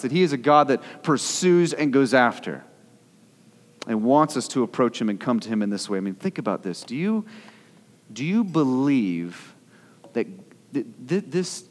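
A young man preaching a sermon as pastor, in a conversational way with repeated words, building to earnest intensity. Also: mid-range voice. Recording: long hall reverb.

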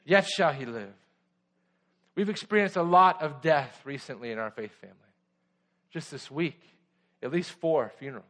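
A man preaching a sermon as pastor, earnest and fervent, dropping to hushed passages. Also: a little high, lively intonation, normal speed.

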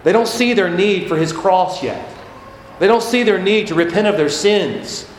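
A man's voice: high voice, moderate pace. A man preaching a sermon as pastor, stressing points by repeating them. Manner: emphatic, repeats key phrases for stress. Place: church sanctuary. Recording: echoey church hall with faint noise.

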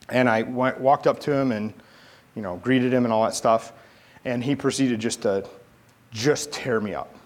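A middle-aged man preaching a sermon from the United States, talking in a relaxed, conversational way and telling a personal story with lively delivery. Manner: conversational, animated storytelling with rising pitch in quoted dialogue. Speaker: pastor.

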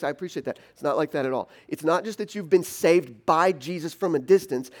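A pastor preaching a sermon in an animated, conversational way, acting out the questions a listener might ask. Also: male voice, a little high. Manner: animated, teasing and conversational, voices imagined objections.

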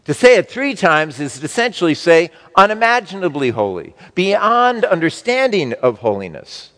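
A man preaching a sermon to his congregation, slow and emphatic, with wide swings between loud and soft. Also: high-pitched, very animated, long reverb tail. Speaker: pastor.

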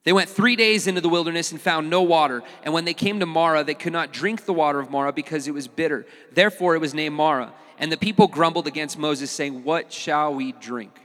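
A pastor preaching a sermon in a casual, animated way, with touches of humor. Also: male voice, a little high, fast talker, hardly any pauses, in a large hall.

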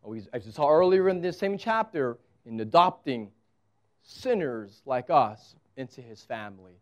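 A man's voice: medium pitch, expressive, normal speed. A man preaching a sermon as pastor, conversational and emphatic, with touches of humor.

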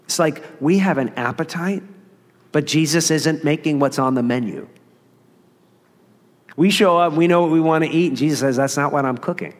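A man's voice: a little high, moderate pace, pauses often, in a large hall. A man preaching a sermon as pastor, earnest and conversational, with emphasis that rises and falls.

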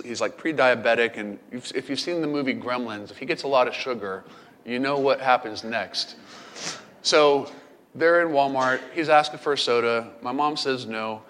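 A middle-aged man preaching a sermon as pastor, telling a family story in a playful, animated way. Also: medium pitch. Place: camp meeting hall. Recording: long hall reverb.

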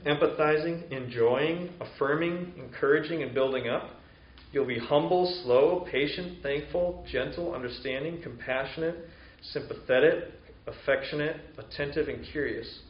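A man preaching a sermon in an earnest, conversational way, working through long spoken lists. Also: mid-range voice. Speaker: pastor. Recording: echoey, slightly dull room recording.

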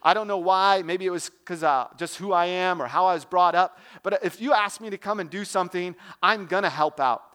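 High-voiced young man preaching casually. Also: a little fast, few pauses, fairly bright tone, clear, resonant tone. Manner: conversational, asks the audience questions. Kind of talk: casual sermon.

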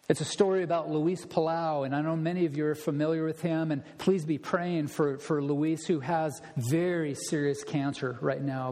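A man's voice: a little high, darkish tone, long reverb tail. A man preaching an expository sermon as a pastor, emphatic and stressing his points through repetition.

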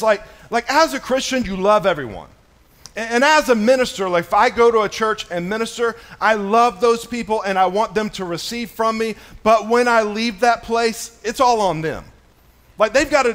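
High-voiced man preaching casually, with many fillers. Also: moderate pace, fairly bright tone. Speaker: pastor. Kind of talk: sermon. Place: church.

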